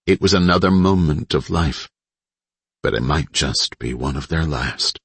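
A man reading an audiobook in a steady, dramatic narrating style on a close mic. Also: extremely low pitch, a little slow, breathy edge, no room sound. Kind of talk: scripted narration.

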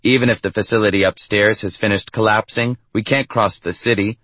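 A man's voice: fairly low pitch, fairly even intonation, fairly quick, fairly bright tone, no room sound. A man reading the part of a grim, practical survivor in a story, blunt and matter-of-fact.

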